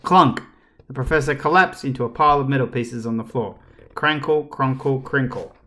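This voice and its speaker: A man reading a children's book aloud as a storyteller, expressive and talking straight to the reader. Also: medium pitch, normal speed, a little hiss or hum. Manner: expressive, addresses the reader directly.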